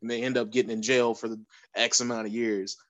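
A man's voice: medium pitch, little pitch movement, a little fast, no room sound, dull audio. Articulate man on a dry mic. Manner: articulate, wordy, self-deprecating humor. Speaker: pro wrestler guest. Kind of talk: casual panel chat.

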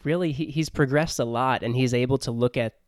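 A man hosting a casual book discussion podcast, animated and laughing often as he talks. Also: mid-range voice, fairly quick, no echo, studio quality.

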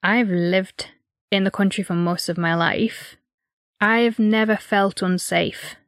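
A woman's voice: mid-range voice, fairly even intonation, slow pace, no room sound, clean studio sound. Reflective woman podcast co-host from England. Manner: reflective, lots of 'like' fillers. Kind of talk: casual true-crime chat.

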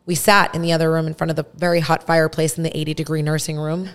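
Woman host around 30 spilling a story, like, like, super casual, lowish voice. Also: quick pace. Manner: animated, many "like" fillers. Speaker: podcast host.

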